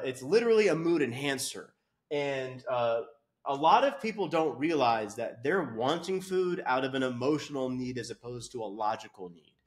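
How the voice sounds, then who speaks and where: Brief: crude, loud-mouthed male fitness coach, high voice, big swings, comedic rant. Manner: brash, crude, swearing, mocking. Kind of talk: profane comedic rant to camera.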